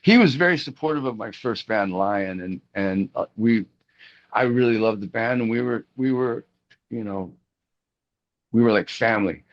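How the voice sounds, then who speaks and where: A man's voice: fairly low pitch, moderate pace. A middle-aged man talking in a casual interview about his career as a rock guitarist. He rambles through stories with many restarts and fillers, and acts out the people he quotes. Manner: animated, acts out quoted voices. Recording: dull lo-fi audio.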